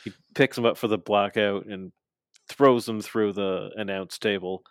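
Man, casual podcast co-host, gravelly, dry close sound. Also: fairly low pitch, fairly even intonation, no room sound. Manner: rambling recap, quotes wrestlers in quick mocking asides. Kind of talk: casual wrestling recap chat.

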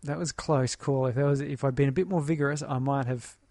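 A man's voice: mid-range voice, steady tone, a little fast, darkish tone, no echo. A middle-aged man, a podcast co-host, chatting casually, easygoing and anecdotal. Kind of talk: casual film discussion chat.

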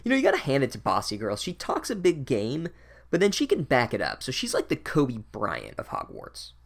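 A man's voice: medium pitch, huge pitch swings, brisk, creaky. A man giving a casual, profane, sardonic recap of a book as a podcast host. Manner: sardonic, swears a lot, wry.

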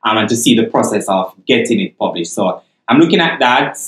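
A man's voice: on the low side, brisk. Jamaican man telling a story in an echoey room. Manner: animated storytelling, laughs often. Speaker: podcast co-host. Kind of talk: casual podcast chat.

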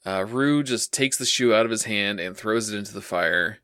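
Man, podcast co-host, casual plot recap, bright voice, dry close sound. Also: lowish voice, normal speed, no echo. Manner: steady plot retelling with "uh" and "um" fillers. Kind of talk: casual anime recap narration.

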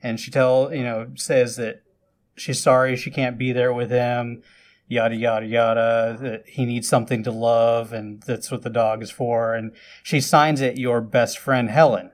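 A man of middle pitch tells a film's story in a relaxed, conversational podcast recap. He talks loosely, stacking asides and offhand comments as he goes, and now and then gets louder and more animated. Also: a little slow. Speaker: podcast host recapping a film. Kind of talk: casual film recap.

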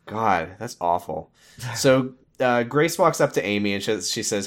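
A man co-hosting a casual recap chat, sarcastic, reading scenes aloud with quick mock quotes. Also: lowish voice, lively intonation. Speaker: podcast co-host.

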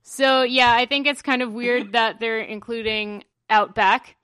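Bright, dry-voiced young woman. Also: fairly high pitch, level tone, slow pace, clean tone, no room sound. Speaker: podcast co-host. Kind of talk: casual comics news chat.

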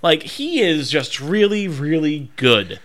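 Bright, opinionated man in casual chat. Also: a little high, sing-song, takes it slowly. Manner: opinionated, thinks aloud with many ums. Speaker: podcast co-host.

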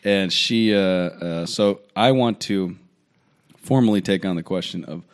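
A man's voice: low voice, unhurried. A man in his thirties, a priest hosting a podcast, chatting casually in a joking, rambling way. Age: 30s. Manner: joking, rambling, self-deprecating.

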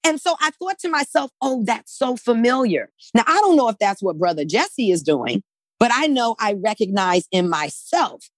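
A woman's voice: mid-range voice, sing-song, normal speed, dry recording. A woman talks through her points in an emphatic, conversational way. Her voice sits in an ordinary middle register. She often tags her sentences with "right?", and the recording sounds close and dry. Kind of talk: conversational discussion.

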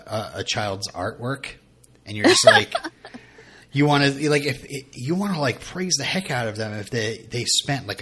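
A man's voice: mid-range voice, fairly bright tone. A young man co-hosting a podcast in casual chat, rambling and joking at his own expense, with lots of fillers and restarts. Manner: rambling, self-mocking, full of fillers and restarts. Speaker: podcast co-host.

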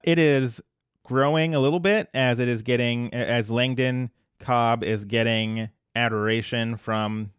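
A man's voice: mid-range voice, steady tone, measured pace, clean tone, dry recording, studio quality. A man co-hosting a casual podcast chat about a cartoon, wry and joking. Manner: wry, joking, breaks into playful singing. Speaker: podcast co-host.

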